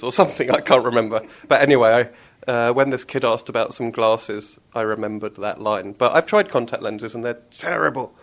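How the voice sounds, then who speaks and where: A man's voice: medium pitch, brisk. A man, a children's author, chatting casually and reading aloud from his own book in a playful, jokey way. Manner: playful, laughs at own jokes, retakes lines.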